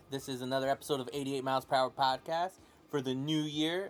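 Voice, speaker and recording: A man's voice: medium pitch, steady tone, fast, faint music behind. A man hosting a podcast in casual chat, rambling with lots of "like" and frequent laughter. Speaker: podcast host.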